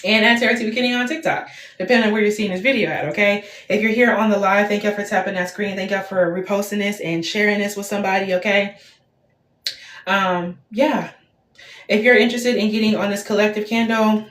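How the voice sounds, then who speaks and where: A woman in her twenties giving a casual livestream tarot reading, chatty and repetitive, full of fillers. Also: medium pitch. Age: 20s. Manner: chatty, lots of fillers, repeats herself. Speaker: tarot reader. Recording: roomy echo, faint background hiss.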